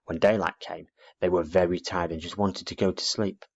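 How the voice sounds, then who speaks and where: A man narrating a children's storybook aloud in an expressive read-aloud manner, dull lo-fi recording. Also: deep voice, normal speed.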